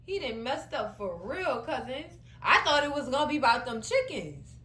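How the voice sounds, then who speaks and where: A woman recapping a TV episode in a sassy, animated way, addressing her viewers as cousins. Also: sits high, moderate pace, echoey room, poor audio. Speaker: show recap host. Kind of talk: casual recap commentary.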